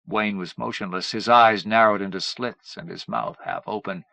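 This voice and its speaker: A man's voice: on the low side, very animated, moderate pace, vocal fry, few pauses, bright, forceful tone, dry recording. A man reading a novel aloud as an audiobook narrator, with dramatic, varied delivery. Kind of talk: scripted narration.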